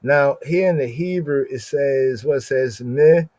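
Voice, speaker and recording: A man teaching scripture in a medium-pitched voice, recorded dry and close with no room sound. He reads Hebrew slowly, then breaks each word down, checking "right?" after nearly every phrase. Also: darkish tone, no echo. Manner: explains Hebrew words aloud, repeats "right?" constantly; slows down to read Hebrew verses. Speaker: Bible teacher.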